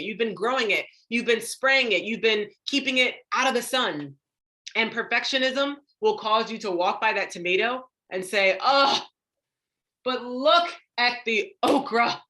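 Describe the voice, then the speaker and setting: A young woman leads a live motivational session on confidence, speaking straight to her online audience. Her voice is bright and clear, and she acts out inner voices with sudden high, lively pitch. On heavy words she drops low and quiet. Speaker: confidence coach.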